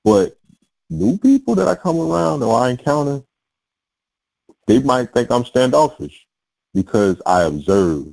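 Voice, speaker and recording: A man's voice: medium pitch, very animated, a little slow, creaky, long pauses, darkish tone, no echo, low-quality recording. A man hosting a casual conversation, laid-back and slangy, stumbling over his words as he starts sentences. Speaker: podcast host.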